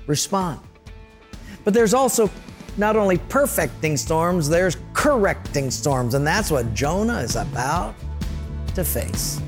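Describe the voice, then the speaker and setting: A man's voice: a little high, gravelly. A man preaching a sermon, telling stories and acting out voices and sounds along the way. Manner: storytelling preacher, acts out voices and sound effects. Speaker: pastor.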